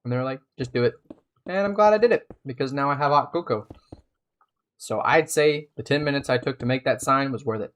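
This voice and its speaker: A man's voice: medium pitch, a little fast, fairly bright tone. Chatty male game streamer. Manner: chatty, rambling, thinks aloud while building. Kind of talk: casual live-stream gameplay chat.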